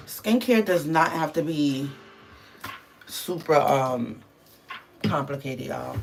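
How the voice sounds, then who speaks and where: A woman's voice: sits low, lively intonation, takes it slowly, vocal fry, long pauses, a little hiss or hum. A woman from the Bronx, chatting casually on a livestream and answering viewers' comments, loose with fillers. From the Bronx, New York. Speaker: livestream host.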